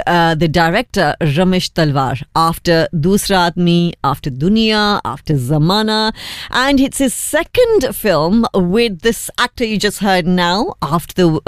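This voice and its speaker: A woman in her thirties hosting a breakfast radio show, chatting lively and laughing easily between news items and song requests. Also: lowish voice, no echo, clean studio sound.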